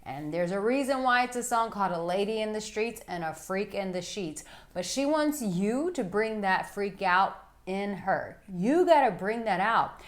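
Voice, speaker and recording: A woman working as an intimacy coach, giving frank, playful instruction to men with animated asides. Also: medium pitch. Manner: blunt, playful and animated, with bursts of laughter and acted-out asides. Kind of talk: frank instructional talk to camera.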